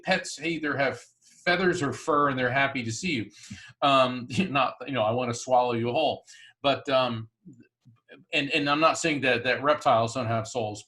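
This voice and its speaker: A man, a psychic medium, chatting in an interview and telling lively stories with frequent laughs. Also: medium pitch. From Florida, US. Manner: chatty, laughs often, animated storyteller. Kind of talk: storytelling in an interview.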